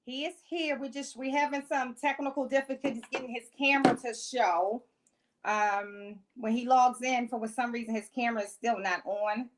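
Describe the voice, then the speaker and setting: A high-pitched woman hosts a casual podcast interview. She gushes over her guest in an upbeat, excitable way. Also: moderate pace. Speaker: podcast host.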